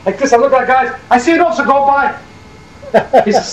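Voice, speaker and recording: Elderly high-voiced New man storytelling. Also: fast talker, roomy sound, a little hiss or hum, low-quality recording. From Hackensack, New Jersey. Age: older. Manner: animated, acts out quoted dialogue. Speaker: war veteran interviewee. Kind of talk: oral history storytelling.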